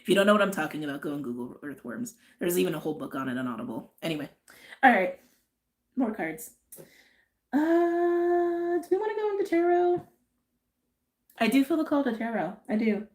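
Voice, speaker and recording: A woman with a slightly low voice gives a relaxed spiritual reading. She talks in a chatty, rambling way, wandering into tangents and checking in with her listeners. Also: fast talker. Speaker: tarot and astrology reader. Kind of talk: casual spiritual reading chat.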